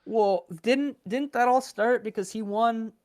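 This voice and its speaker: A man's voice: very high-pitched, unhurried, a little mellow, dry recording, clean studio sound. A young man guesting on a podcast, telling stories eagerly in casual chat.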